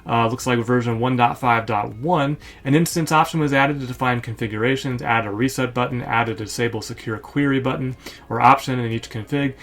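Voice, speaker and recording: A man hosting a screen-share walkthrough, reading feature lists aloud in a casual way, with filler words and quick asides. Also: medium pitch, fairly bright tone. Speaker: host reviewing software store apps.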